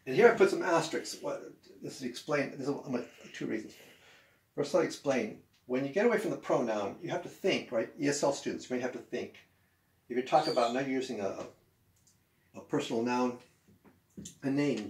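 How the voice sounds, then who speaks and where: A man gives an English lesson at a whiteboard, his pitch leaping around as he acts out example sentences. The room is echoey, with a faint hiss under his voice. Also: brisk. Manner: animated, acts out example sentences with swooping intonation. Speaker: ESL teacher.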